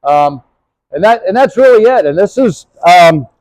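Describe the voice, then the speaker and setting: His voice is high-pitched, expressive, and a little mellow, moving at a moderate pace in a low-quality recording without room sound. The middle-aged historical horse trekking presenter casually shows off his gear outside beside his horse, rambling in a folksy way with many fillers.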